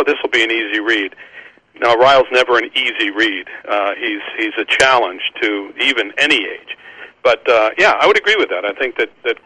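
A Christian book publisher who hosts a podcast leads a casual conversation about Christian books. His mid-range voice comes through a low-quality recording with no echo, and his speech is halting, full of restarts and repeated words, broken up by warm laughter.

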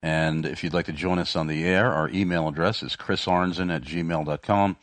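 A man's voice: sits low, fairly even intonation, moderate pace, no echo. A man hosting a Christian talk radio show, talking with many fillers and restarts. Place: radio studio. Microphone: studio microphone.

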